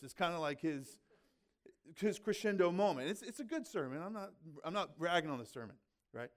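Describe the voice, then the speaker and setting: A man's voice: on the high side, expressive, a little fast. A male pastor giving a conversational sermon, talking casually and often checking in with his listeners. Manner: chatty, filled with "like" and "right?".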